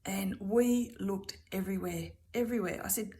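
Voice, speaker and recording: A middle-aged woman with an Australian accent and a mellow, medium-pitched voice speaks at a normal speed. This vlogger tells a rambling story in a chatty, casual way, repeatedly coming back with "anyway".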